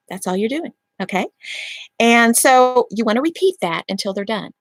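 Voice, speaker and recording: A woman talks through a parenting method one step at a time, pausing to ask "okay?" and sometimes acting out gentle lines for a child. Her voice sits a little high. The recording is dry and close, with little room sound. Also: lively intonation, no room sound. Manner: explains step by step, checks in with repeated "okay?". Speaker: parenting advice host. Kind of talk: instructional talk to camera.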